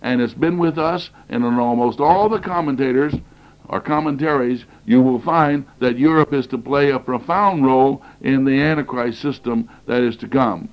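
A man's voice: mid-range voice, moderate pace. Earnest man lecturing on prophecy, cassette sound. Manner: earnest, emphatic, repeats phrases for stress. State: recovering from flu, occasional coughing. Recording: dull lo-fi cassette tape.

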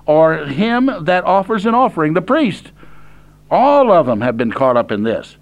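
Older male preacher with a high voice and a plain-spoken manner. He reads verses slowly, then explains them directly. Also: very animated, highs cut off. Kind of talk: sermon reading and explaining scripture.

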